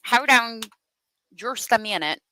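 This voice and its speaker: Animated, cussing true crime host woman. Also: fairly high pitch, slow, poor audio. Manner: profane, exasperated ranting. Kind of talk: unscripted true crime commentary.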